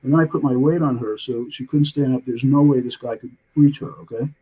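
An older man tells a story in a loose, rambling way and checks in with "okay?" after nearly every point. His voice is husky and mellow. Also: mid-range voice, steady tone, a little fast, poor audio. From United States. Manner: rambling, tags many sentences with "okay?". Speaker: author, interview guest. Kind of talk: casual storytelling in an interview.

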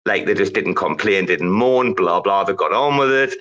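A man's voice: low voice, normal speed, a bit bright, highs cut off. A man hosting a casual online audio chat, bantering, swearing and laughing often. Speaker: host.

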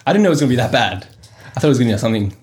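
A young man on a casual podcast, telling an animated story and laughing often. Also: mid-range voice, racing. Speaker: podcast host. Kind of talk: casual chat.

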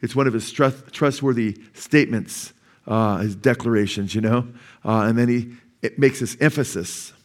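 A man's voice: medium pitch, moderate pace. Man of sixty preaching with call-and-response. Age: 60s. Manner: asks the congregation questions and waits for the answer; repeats key phrases for emphasis. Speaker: pastor. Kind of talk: sermon. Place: church service.

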